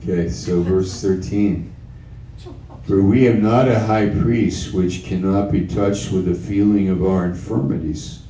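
A man preaching a sermon, slow and emphatic, repeating his key phrases. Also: low-pitched, fairly even intonation, mellow, far from the mic, a little hiss or hum. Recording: roomy sound from off-mic.

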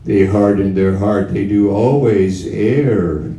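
A man preaching a sermon, slow and emphatic, repeating his key phrases. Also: fairly low pitch, dark tone, recorded from a distance. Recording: roomy sound from off-mic.

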